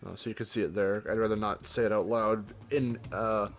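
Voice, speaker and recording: A man's voice: lowish voice, steady tone, brisk, soft background music. A man chatting casually and laughing often while streaming a game and reading chat.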